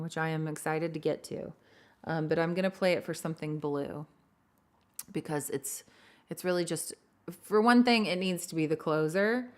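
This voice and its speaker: Woman songwriter hosting her own stream, lowish voice, greets fans by name, self-deprecating. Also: a bit bright. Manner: rambling and chatty, greets viewers by name; self-deprecating, laughs at herself. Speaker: singer-songwriter hosting a livestream. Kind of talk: casual livestream chat with viewers.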